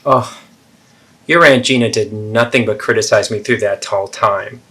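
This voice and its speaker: A man's voice: on the low side, moderate pace, fairly bright tone, close to an everyday voice. A man voicing a defensive, self-pitying middle-aged mother who deflects and guilt-trips in a therapeutic role-play.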